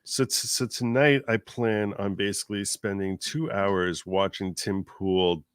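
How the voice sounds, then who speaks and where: A man chatting casually as a guest, animated and rambling, with many restarts. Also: fairly low pitch, measured pace, clear, resonant tone, no room sound. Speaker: guest commentator. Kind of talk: casual chat.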